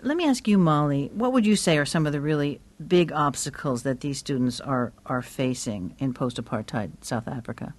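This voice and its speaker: A woman's voice: very deep voice, normal speed, few pauses. A woman hosting a broadcast interview, asking questions in an encouraging way. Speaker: radio interview host.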